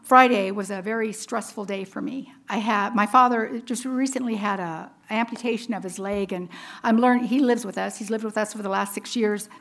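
A woman's voice: mid-range voice, normal speed, a bit bright. A woman in her fifties giving a personal testimony sermon, earnest and storytelling, laughing at herself along the way. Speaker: women's ministry speaker.

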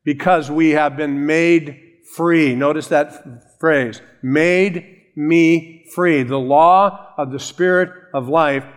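A man preaching a sermon, measured and emphatic, stretching out key phrases slowly. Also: a little high, steady tone. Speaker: pastor.

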